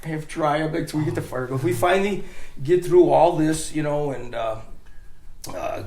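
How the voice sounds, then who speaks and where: A man with a fairly high voice tells a funny story in a loose, rambling way, often restarting his sentences and laughing. He sounds like he is recorded in an echoey room. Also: normal speed. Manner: animated, rambling, restarts and laughs while telling. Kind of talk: casual storytelling chat.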